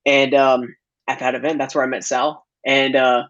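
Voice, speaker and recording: A man's voice: medium pitch, little pitch movement, normal speed, fairly bright tone. A man guest telling a casual story over a call, loose and filler-heavy, laughing often. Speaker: podcast guest. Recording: dull lo-fi audio.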